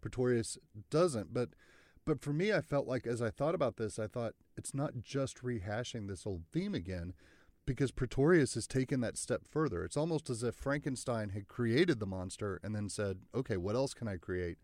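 A man's voice: medium pitch, lively intonation, moderate pace, a little mellow, dry recording. A man co-hosting a podcast, sharing reflective thoughts in a casual film discussion. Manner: reflective, conversational. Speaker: podcast co-host.

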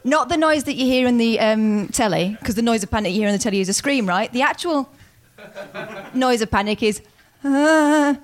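A woman in casual conversation with a dry, teasing, deadpan sense of humour. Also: a little high, a little fast. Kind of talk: casual chat.

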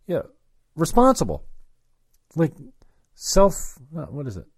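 A man's voice: on the high side, huge pitch swings, takes it slowly, husky, no room sound, studio quality. Rambling man telling a story. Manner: rambling, self-interrupting, profane.

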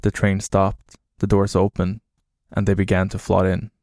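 A man narrating a horror story in a flat, grim, low-key way. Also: moderate pace, no echo, studio quality.

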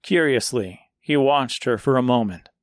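A man reading a dark fairy-tale serial aloud in slow, measured scripted narration. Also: medium pitch, lively intonation, no echo, clean studio sound.

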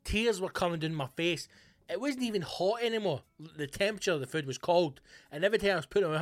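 A man hosting a podcast, delivering a comic, sweary, animated rant. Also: sits high, normal speed, pauses often, no echo, faint music behind. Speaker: podcast host. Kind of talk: comic ranting monologue.

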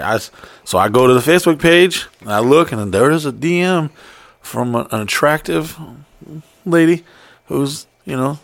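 A man tells a crude story on a podcast with a gravelly edge to his fairly high voice. He swears freely and slips into the voices of the people he quotes. The sound is close and dry. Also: normal speed, no room sound. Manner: profane, animated storyteller who acts out quotes. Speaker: podcast host. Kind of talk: casual storytelling chat.

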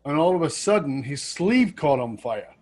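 Animated man telling a story. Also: a little high, normal speed, breathy edge. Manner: animated, acts out quotes, laughs at himself. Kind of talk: casual storytelling.

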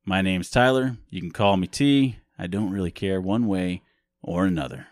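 A man's voice: deep voice, moderate pace, dry recording. A young man co-hosting a podcast in casual chat, rambling and laughing often. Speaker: podcast co-host.

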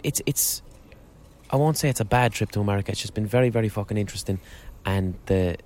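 A podcast host records outdoors on a street corner, with faint street ambience in the background. His voice is on the low side with a darkish tone, and his monologue rambles, swears, and keeps restarting.

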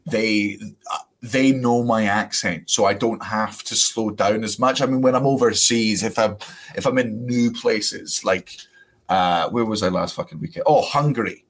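A man's voice: on the low side, moderate pace. A man with a Scottish accent, a comedian chatting as a podcast guest, laughing often and swearing freely. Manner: laughing, swearing, lively storytelling. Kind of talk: casual podcast chat.

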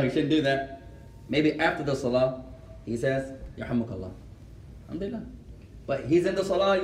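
Guy giving a mosque lesson, kinda high voice, roomy echo, sounds far from the mic. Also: slight background noise. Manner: mixes Arabic phrases into English, gently instructive. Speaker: teacher answering questions.

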